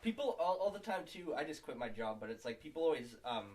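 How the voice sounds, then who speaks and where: A man's voice: a little high, very animated, fast, a little mellow, far from the mic. A young man co-hosting a podcast, ranting bluntly about customers in casual chat. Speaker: podcast co-host.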